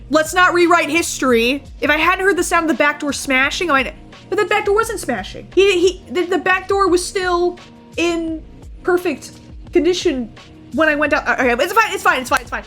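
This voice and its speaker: A woman streamer giving casual commentary on a horror game, excitable, swearing and shrieking. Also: sits high, a little fast. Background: faint game music.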